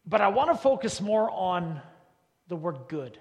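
A man, a pastor, preaching a sermon in a church, leaning hard on repeated words and rising to loud, forceful peaks. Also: high-pitched, big pitch swings, measured pace. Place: church sanctuary. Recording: long reverb of a large church hall.

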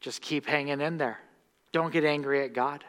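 A man's voice: on the high side, steady tone, moderate pace, smooth. Impassioned male pastor in reverberant hall. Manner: impassioned, swings from hushed to loud. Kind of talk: sermon. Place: church sanctuary. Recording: long reverb of a church hall.

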